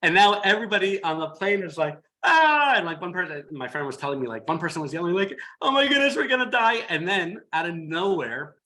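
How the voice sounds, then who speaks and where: Tired, animated man with a bright voice. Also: fairly high pitch, fast, few pauses, rough recording. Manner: animated storyteller, acts out quotes. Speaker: hypnotherapist guest. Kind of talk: casual group discussion.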